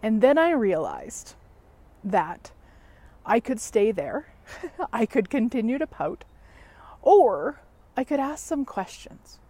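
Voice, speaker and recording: A woman telling a story in a chatty, animated vlog from outdoors in a backyard, laughing at herself as she goes. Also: fairly high pitch, slow pace, long pauses, no echo. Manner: chatty, animated, self-mocking. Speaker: facilitator and show host.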